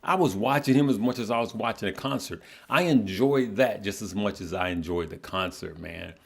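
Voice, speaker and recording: A middle-aged man with a fairly low voice hosts a casual livestream. He speaks earnestly and haltingly, repeating words as he talks to his viewers. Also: animated, vocal fry, slightly rough. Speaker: livestream host. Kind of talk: casual heartfelt livestream talk.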